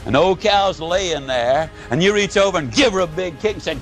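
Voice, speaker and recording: A man giving a live motivational speech, telling folksy stories and swinging between booming and hushed delivery. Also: moderate pace, few pauses, soft background music. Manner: folksy storytelling. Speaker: motivational speaker.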